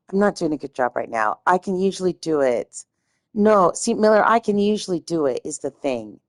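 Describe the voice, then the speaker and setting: A woman streamer chatting casually and rambling, swearing freely, her voice slightly hoarse. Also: on the low side, lively intonation, normal speed, dry recording. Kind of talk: casual chat.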